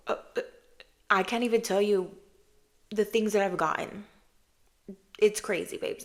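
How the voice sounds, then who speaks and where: A woman in her thirties hosting a casual podcast chat, telling stories with lots of filler and calling the listener babe and girl, sometimes dropping into a hushed voice for quotes. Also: mid-range voice, gravelly. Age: 30s. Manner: chatty, animated storytelling, calls listener babe and girl. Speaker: podcast host.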